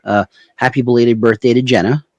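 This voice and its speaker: A man's voice: medium pitch, fairly even intonation, a little fast, a little mellow, no room sound. Man, Canadian Maritimes accent, rambling podcast storyteller, dry close sound. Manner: rambling anecdotal, laughs at own story. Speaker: podcast co-host. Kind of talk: casual storytelling chat.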